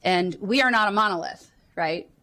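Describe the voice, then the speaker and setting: A woman's voice: mid-range voice, moderate pace, sharp tone. A woman in her forties, a council member, giving earnest, reflective formal remarks.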